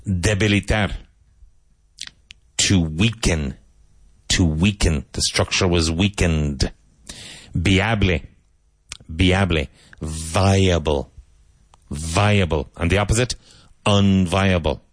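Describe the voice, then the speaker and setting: Slow, deep-voiced male English teacher. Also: no echo. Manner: repeats words slowly and spells them out. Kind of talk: slow vocabulary drill lesson.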